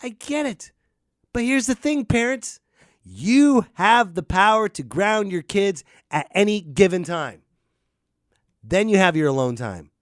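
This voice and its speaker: A man hosting a comedic rant, swinging between loud outbursts and muttered asides. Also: high voice, expressive, a little slow, no room sound, studio quality. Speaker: podcast host.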